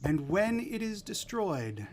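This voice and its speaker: Slow-talking man running a tabletop game. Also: high-pitched, slight background noise. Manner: relaxed storytelling with filler pauses. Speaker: game master.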